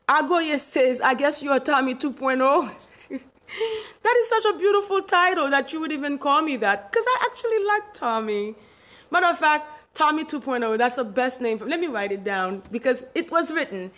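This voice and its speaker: Middle-aged Haitian woman, fairly high voice, emphatic and indignant, laughs easily; livestream host. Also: big pitch swings, moderate pace, a bit bright. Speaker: live stream host. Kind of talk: livestream rant reading chat.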